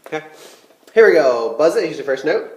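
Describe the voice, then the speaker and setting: A man's voice: a little high, sing-song, fairly quick, roomy sound, very noisy. A man giving a trumpet lesson, explaining rhythms and counting beats aloud in a patient, explanatory way. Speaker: music teacher.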